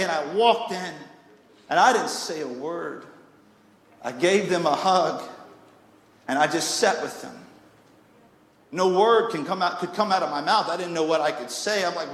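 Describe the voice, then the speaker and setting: A young man preaches a sermon, his fairly high voice animated as he tells stories and acts out little voices. The sound is roomy, with a long reverb trailing each phrase. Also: normal speed. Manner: animated, jokey storytelling with acted-out voices, rising to near shouts. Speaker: pastor. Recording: echoey hall with long reverb.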